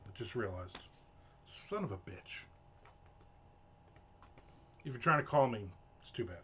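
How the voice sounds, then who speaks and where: A man's voice: fairly low pitch, animated, unhurried, pushed and bright, slight background noise. A man hosting a live stream, rambling through casual stories with frequent swearing. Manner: rambling, profane, chatty storytelling. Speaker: livestream host. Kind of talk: casual chat while writing. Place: home room.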